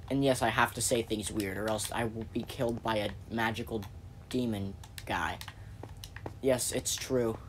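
A man's voice: on the low side, steady tone, moderate pace, background noise. A man hosting his own gaming channel, giving loose, jokey commentary while he plays, often cutting himself off mid-sentence. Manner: rambling, jokey, self-interrupting. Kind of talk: gameplay commentary.

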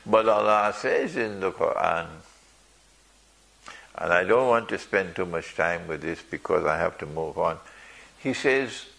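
Slow, gravelly preacher man with lively pitch. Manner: slow and emphatic, with rhetorical questions and dry jokes. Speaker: Islamic preacher. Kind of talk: sermon to a live audience.

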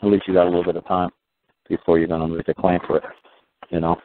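Man, low voice, rapid delivery, rambling blunt radio host, swears freely, tinny phone-line sound. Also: flat delivery, noisy background. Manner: blunt, rambling storyteller who swears casually. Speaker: call-in talk show host. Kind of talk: rambling call-in radio chat.

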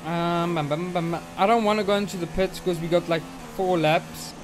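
Against a noisy background, a young gaming channel host with a high voice keeps a steady tone at normal speed while commenting on a racing game. He grows frustrated, swearing and ranting at a rival driver.

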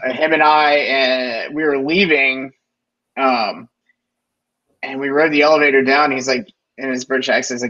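A man's voice: mid-range voice, fairly even intonation, moderate pace, sharp tone, dull audio. A man telling a story in a casual podcast chat, rambling with many restarts and fillers. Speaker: podcast guest.

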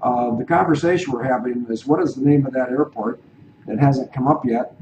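A man hosts a casual talk show at an average pitch, wandering from point to point and thinking out loud between fillers. A faint hiss sits under his voice. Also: a little fast. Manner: rambling, digressive, thinks aloud. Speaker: show host.

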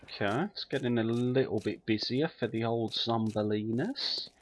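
A man's voice: mid-range voice, normal speed, a little hiss or hum. A man giving casual, muttering commentary while he plays a survival game, swearing freely. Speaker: let's play gamer.

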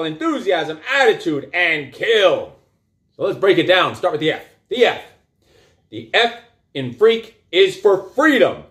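A middle-aged male coach rants with raw energy, his voice sitting high and swinging wildly up and down. He swears constantly and drives points home by repeating them. The talk is blunt and emphatic, built to pump listeners up. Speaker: coach and show host. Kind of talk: profane motivational rant.

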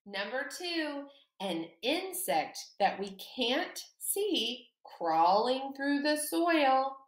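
Woman, elementary teacher, encouraging, slow, lively pitch, echoey room. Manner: slow, animated, encouraging, exaggerated emphasis for children. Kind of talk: second-grade lesson to camera.

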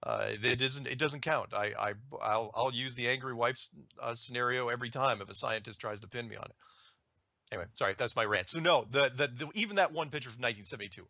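A man ranting in an animated way on a talk show, repeating words and acting out quoted voices. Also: medium pitch, fairly quick, no echo.

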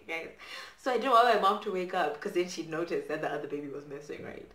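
A woman's voice: on the low side, expressive, fairly quick, bright, forceful tone, slight background noise. A woman in her twenties from Zimbabwe, telling a dramatic storytime while doing her hair, with lots of fillers. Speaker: vlogger. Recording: echoey room.

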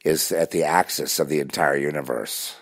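A man's voice: very deep voice, moderate pace, a bit bright. A man talking intensely in a rambling spiritual monologue, full of restarts and fillers.

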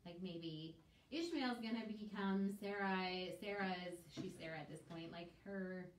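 A woman's voice: on the low side, unhurried. A woman in a Bible study group, thinking aloud tentatively with hedges. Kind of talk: casual group discussion. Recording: distant echoey room mic with faint noise.

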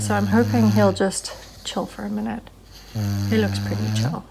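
A woman's voice: medium pitch, big pitch swings, moderate pace, vocal fry, noisy background. A young woman chatting casually in a home vlog, often cooing at her dog. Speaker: vlogger and dog owner.

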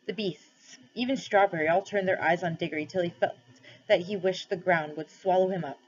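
A woman teacher with a lowish, breathy-edged voice reads a novel aloud to her class, pausing to set questions as she tells the story. The recording is dull and lo-fi.

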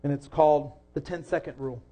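A young man preaching a sermon in a church, earnest, rising to loud emphasis and dropping soft again. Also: on the high side, steady tone, fast. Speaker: pastor.

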